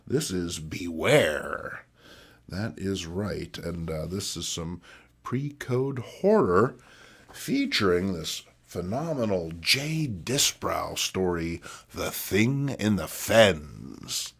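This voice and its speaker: Male host, slow folksy delivery, lively lowish voice. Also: vocal fry, breathy edge. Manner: folksy, slow, playful hosting. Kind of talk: casual comic collection show.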